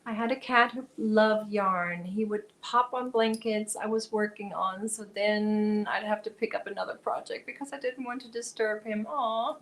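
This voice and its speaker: A woman's voice: medium pitch, steady tone, normal speed, few pauses, rough recording. A woman hosting a casual crochet livestream, chatting with viewers, reading their comments aloud and talking to her cat.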